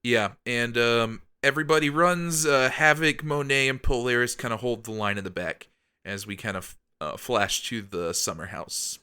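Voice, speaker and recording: Male podcast co-host, upbeat rambler, smooth and bright in tone. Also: mid-range voice, normal speed. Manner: rambling, many ums and likes, upbeat. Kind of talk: casual comic recap chat.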